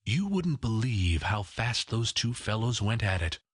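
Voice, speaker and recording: A man narrating a classic story in an unhurried, expressive reading. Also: on the low side, slightly rough, dry recording, studio quality. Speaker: audiobook narrator.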